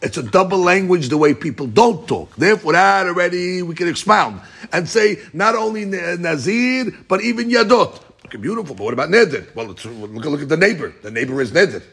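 A man's voice: high voice, expressive, brisk, gravelly, a bit bright, breathy edge. A man teaching a Talmud class, explaining a passage to students emphatically and repeating his points as he goes.

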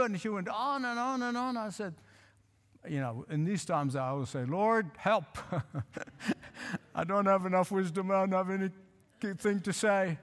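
A male pastor preaching a sermon, emphatic, repeating phrases and slowing to stress lines. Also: high-pitched, a bit bright. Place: church. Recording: hall reverb.

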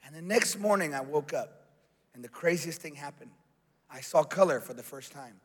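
A man, a pastor, preaching a sermon and telling a personal story, moving from hushed passages to shouted exhortation. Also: fairly high pitch, expressive, normal speed. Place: large church hall. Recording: long hall reverb.

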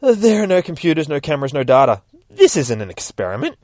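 Guy reading a stern young clawed heroine, firm and low. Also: animated, moderate pace, dark tone, no room sound, clean studio sound.

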